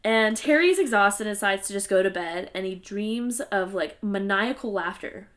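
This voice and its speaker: A woman's voice: mid-range voice, expressive, normal speed, a bit bright. Casual woman recapping a story. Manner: conversational summarizing, playful sarcasm. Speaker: podcast co-host. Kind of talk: casual book discussion podcast.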